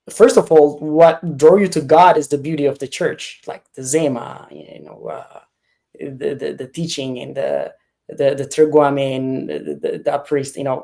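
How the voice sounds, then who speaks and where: A man, a priest hosting an interview, asking long questions with many restarts and pauses. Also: on the high side, creaky, mellow. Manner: halting, many restarts and fillers while asking. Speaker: host, priest.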